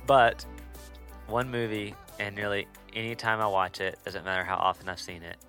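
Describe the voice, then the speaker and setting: Low, bright-voiced young man chatting. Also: fairly even intonation, moderate pace, soft background music. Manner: chatty, laughs easily, storytelling. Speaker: podcast co-host. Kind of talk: casual chat.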